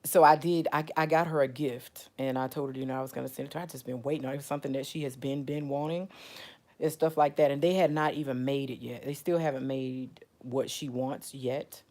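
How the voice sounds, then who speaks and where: Telling a casual story to camera, this self-described spiritual advisor rambles and repeats herself, peppering her talk with "like" and "you know." She has a bass voice with a steady, darkish tone and speaks fairly quickly.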